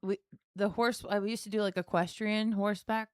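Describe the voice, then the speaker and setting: A woman co-hosting a podcast, reacting with quick dry quips and telling a short story in casual chat. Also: medium pitch, steady tone, clean tone, no room sound. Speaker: podcast co-host.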